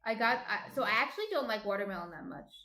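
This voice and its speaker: A woman with a New Jersey accent hosting a casual live cooking stream from home, chatty and quick to laugh as she reads out chat messages. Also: medium pitch, animated, pushed and bright, slight background noise. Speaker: stream host, baker. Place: home apartment. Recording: roomy echo.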